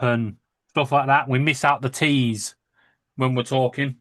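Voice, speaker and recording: A man's voice: medium pitch, fairly even intonation, measured pace, a bit bright, no echo. Joking Lancashire man, dry close mic. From Lancashire, England. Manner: swearing, jokey storyteller. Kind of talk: casual chat.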